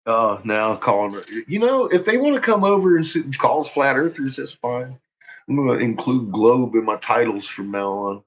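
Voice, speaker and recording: Laughing, foul-mouthed man, lively pitch. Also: normal speed. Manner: profane, laughs often, ridiculing. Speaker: channel host. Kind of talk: casual mocking commentary. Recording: muffled lo-fi audio.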